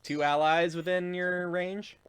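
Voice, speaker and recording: A man's voice: high voice, flat delivery, measured pace, a bit bright, clear, resonant tone. A man narrating as game master of a tabletop game in a laid-back, chuckling manner with many fillers. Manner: laid-back, laughs often, lots of fillers.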